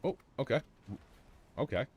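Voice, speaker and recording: A man streaming a game live, joking excitedly with his chat and teammates as he plays. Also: a little slow. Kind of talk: live gameplay commentary.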